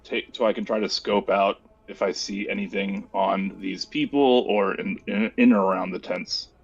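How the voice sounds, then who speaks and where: A man's voice: fairly low pitch, steady tone, normal speed, vocal fry, slightly rough, lo-fi sound. A man playing a tabletop game, speaking briefly and matter-of-factly. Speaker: player. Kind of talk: casual tabletop play.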